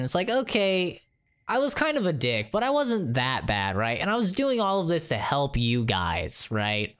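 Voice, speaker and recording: A male game streamer talking loosely to his chat. His pitch swings widely as he rants, swears freely and laughs at his own stories. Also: normal speed, smooth. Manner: animated, profane, laughing rants. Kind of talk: casual live-stream chat.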